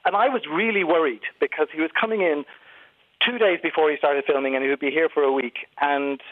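A middle-aged Irish man calls in to a radio show as a voice coach, animatedly acting out accents to make his points. His voice sits a shade high and comes through a thin, boxy phone line. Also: a little fast, dry recording. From Ireland. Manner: animated storyteller, demonstrates accents aloud.

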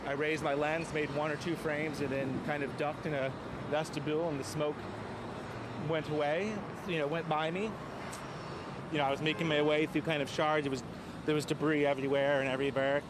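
Sex: man. Role: news photographer. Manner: halting, with loud street traffic behind. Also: on the high side, level tone. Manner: halting, searching for words. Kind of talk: interview recollection.

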